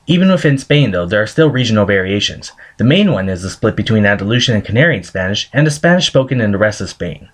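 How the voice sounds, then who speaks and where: A man's voice: lowish voice, expressive, quick pace, hardly any pauses. A man reading a scripted screencast presentation, carefully sounding out pronunciation examples. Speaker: student presenter.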